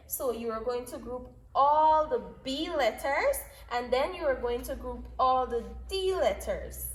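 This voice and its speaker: A woman teacher giving a phonics lesson to small children, patient and full of praise, repeating key words. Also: high-pitched. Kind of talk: slow, deliberate classroom instruction to small children. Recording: echoey room.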